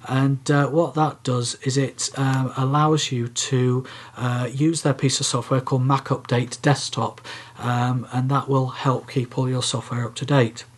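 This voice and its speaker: A man's voice: medium pitch, little pitch movement, a little slow, slightly rough. A man co-hosting a casual podcast, explaining things step by step with frequent ums and uhs. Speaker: podcast co-host. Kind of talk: casual tech podcast chat.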